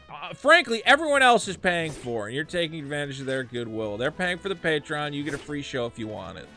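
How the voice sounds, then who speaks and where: A man streaming a video game, chatting casually and ranting with a lot of swearing. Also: a little high. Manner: profane, ranting, animated. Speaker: streamer and podcast host. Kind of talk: casual gameplay commentary.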